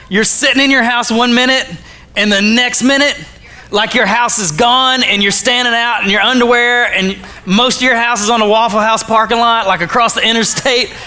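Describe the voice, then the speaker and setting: A man from Arkansas, giving a jokey, animated storytelling talk to a school audience. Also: extremely high pitch. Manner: animated, jokey, acts out his own quotes. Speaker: motivational speaker.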